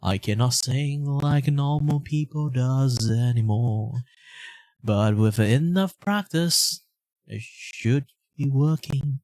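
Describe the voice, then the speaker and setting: Slow, rambling man chatting on stream. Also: mid-range voice, a little mellow, no echo. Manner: rambling, half-sung, slow and drawn out. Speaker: artist streaming live. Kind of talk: casual live-stream chat while drawing.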